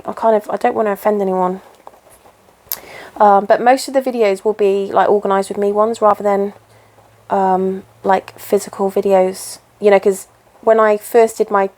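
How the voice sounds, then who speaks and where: A woman in her thirties hosting a relaxed stitch-along chat at home, rambling and interrupting herself as she works. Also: medium pitch. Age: 30s. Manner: chatty, rambling, self-interrupting. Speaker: crafting channel host. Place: home, indoors.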